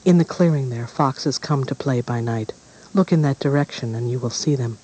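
An earnest grown huntsman, as a man reads him in a dark storybook. He speaks solemnly in an ordinary mid-range voice. His tone is grave and steady. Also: mid-range voice, normal speed, natural voice, rough recording.

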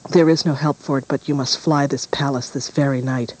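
A man's voice: mid-range voice, steady tone, fairly quick, close to an everyday voice, poor audio. A man voicing an earnest, solemn huntsman in a storybook reading, close to his own voice. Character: earnest grown male huntsman.

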